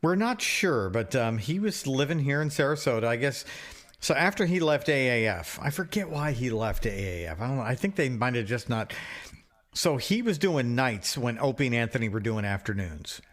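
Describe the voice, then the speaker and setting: A man's voice: mid-range voice, animated, normal speed, a bit bright. A middle-aged man co-hosting a podcast, telling stories in casual chat, swearing freely and repeating himself. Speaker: podcast co-host.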